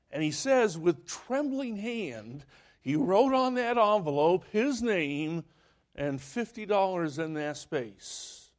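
A male preacher delivering a sermon in a high, lively voice that swings widely in pitch. He tells the story slowly and deliberately, acting out the people in it as he goes. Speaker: pastor.

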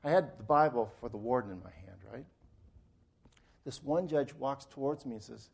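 Gravelly-voiced man preaching. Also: medium pitch, lively intonation, moderate pace. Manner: earnest storytelling, soft in prayer. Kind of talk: sermon testimony and prayer.

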